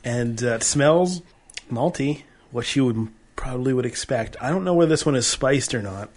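A man's voice: medium pitch, lively intonation, moderate pace. A man co-hosting a podcast, chatting playfully about beer and chuckling often. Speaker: podcast co-host. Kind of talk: casual beer-tasting chat.

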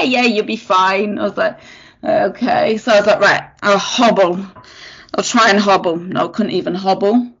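A crowd murmurs behind this woman as she speaks at medium pitch and an ordinary pace. Guesting on a podcast recorded in lo-fi, she shares a story casually, performing other people's lines with lively energy and frequent laughter.

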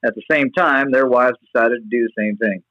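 Animated rambling man telling a story. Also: mid-range voice, fairly quick, no echo, lo-fi sound. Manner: animated, rambling with restarts and fillers. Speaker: guest sharing testimony. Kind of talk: casual storytelling.

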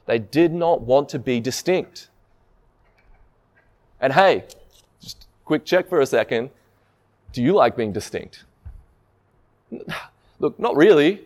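A man's voice: mid-range voice, animated, slow pace, pauses often, a little mellow. A man preaching a sermon in a conversational way, often asking the listeners rhetorical questions.

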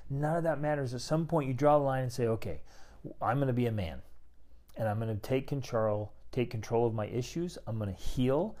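A man's voice: medium pitch, darkish tone. A middle-aged man giving an emphatic motivational talk on relationships to other men, acting out people's inner thoughts as he goes. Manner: emphatic, preachy, acts out inner monologues. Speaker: men's relationship coach.

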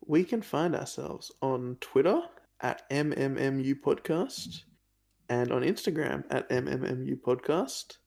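Young man, podcast co-host, creaky gravelly tone, casual earnest chat. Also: medium pitch, a little slow, a little mellow. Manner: earnest, gushing about films.

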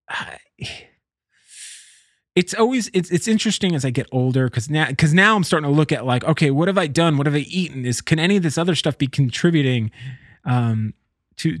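A man's voice: medium pitch, no room sound, studio quality. A man telling a personal story in a rambling, casual way, often breaking off and laughing. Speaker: vlogger.

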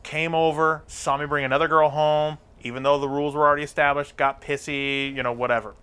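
A man's voice: a little high, little pitch movement, a little fast, a bit bright, smooth. Profane man telling a wild story. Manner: crude, profane, acts out other people's lines. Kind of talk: casual storytelling chat.

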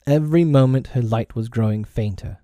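Mellow-voiced man reading a storybook. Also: mid-range voice, brisk, no echo. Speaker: audiobook reader. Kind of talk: storybook narration.

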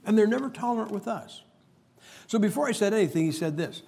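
A man's voice: high-pitched, expressive, fast talker, creaky, darkish tone, slightly rough. A man preaching a humorous sermon, telling stories and making emphatic points with jokes. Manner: joking, storytelling, emphatic preacher.

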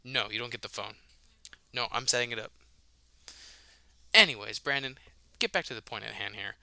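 A man's voice: medium pitch, moderate pace, vocal fry, pushed and bright, dry recording. A man co-hosting a casual sports podcast, brash and heated, swearing heavily. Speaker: podcast co-host.

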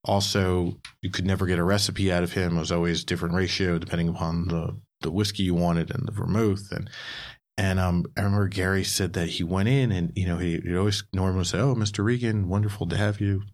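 Very deep-voiced male podcast host. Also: a little fast. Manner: animated anecdote teller who acts out quotes. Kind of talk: casual podcast chat.

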